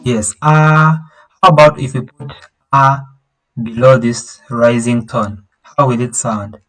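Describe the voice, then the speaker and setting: A man teaching an online language class at an unhurried, drawn-out pace. He explains patiently, repeats himself, and sings out long vowels to show how each tone rises or falls. He often pauses, restarts and hunts for words. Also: mid-range voice, fairly bright tone, rough recording. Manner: halting, with many fillers and restarts. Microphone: video call.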